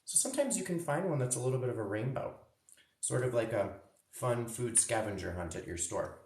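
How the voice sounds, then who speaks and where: A man's voice: mid-range voice, animated, a little fast, a little mellow. A man teaching a live cooking demo for kids, cheerful and chatty, tasting food as he talks. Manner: cheerful, chatty, tastes food while talking. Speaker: cooking instructor. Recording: roomy echo, mic at a distance.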